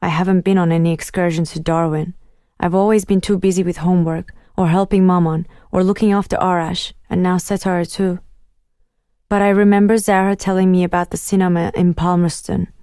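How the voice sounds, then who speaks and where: Low, mellow woman narrating. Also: little pitch movement, smooth, dry recording, clean studio sound. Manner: measured, inward storytelling. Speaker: audiobook narrator. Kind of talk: first-person audiobook narration.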